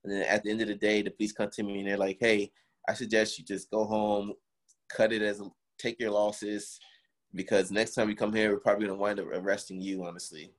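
A man's voice: on the low side, little pitch movement, a little fast. A young man in casual chat, animatedly telling a story, swearing and acting out the quotes.

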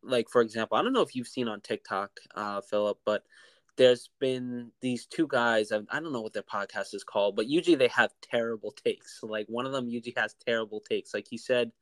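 A young man in his twenties co-hosting a podcast over a remote call, chatting in a relaxed, rambling way with lots of fillers. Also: medium pitch, a little fast, no echo. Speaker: podcast co-host. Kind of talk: casual chat.

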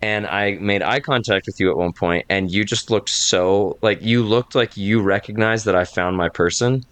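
A man hosting a podcast recap, rambling warmly in casual chat and laughing often. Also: fairly low pitch, normal speed, no echo. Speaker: game master and podcast host.

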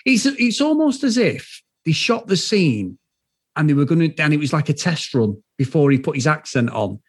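A man with a husky, somewhat high voice eagerly shares his opinions on a film in casual chat. He sounds close and dry, with no room around him. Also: moderate pace, dry recording. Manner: enthusiastic, animated opinions. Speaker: podcast co-host. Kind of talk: casual movie review chat.

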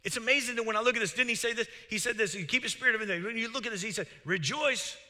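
A man pastor preaching a sermon, excitable and getting loud when he's fired up. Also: extremely high pitch, racing, big-room sound. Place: church sanctuary.

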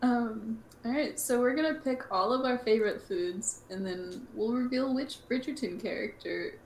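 A young woman hosting a casual podcast, talking in an animated, chatty way with lots of fillers. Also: on the high side, moderate pace, slight background noise. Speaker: podcast host.

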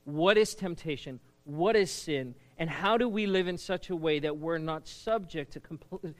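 A man's voice: on the high side, measured pace. A middle-aged man preaching a sermon in a conversational way, often drawing the congregation into call-and-response. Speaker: pastor.

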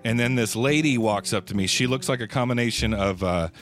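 A man's voice: mid-range voice, a little fast, soft background music. A man co-hosting a podcast, telling a casual story in a rambling way with plenty of fillers. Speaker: podcast co-host. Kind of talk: casual chat.

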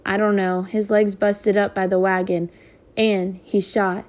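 Storybook woman voicing a weary teenage brother, quiet and shaken. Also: mid-range voice, flat delivery, unhurried, lightly acted.

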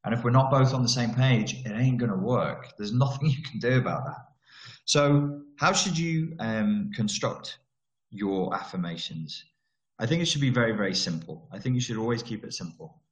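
A man talking casually about therapy as a coach, blunt and swearing, with animated emphasis on key words. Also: mid-range voice, moderate pace, reverberant, low-quality recording. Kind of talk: casual solo talk, teaching.

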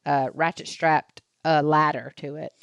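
A woman's voice: low voice, steady tone, measured pace, clear, resonant tone, dry recording, highs cut off. A middle-aged woman, co-hosting a casual chat in an easygoing way. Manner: easygoing, repeats "blah, blah, blah". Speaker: co-host.

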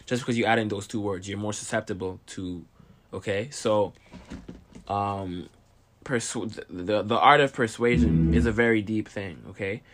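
A young man rambles to camera in a casual, profane monologue. He keeps asking "okay?" and sounds short of breath. His voice sits a little low. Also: moderate pace, a bit bright, slight background noise. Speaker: video host.

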